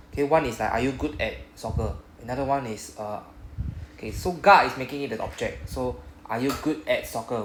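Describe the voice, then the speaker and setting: A Singaporean man with a Singaporean English accent teaches Japanese in a classroom, patiently explaining step by step and drilling phrases slowly. His medium-pitched voice echoes around the room, with a slight hiss or hum on the recording.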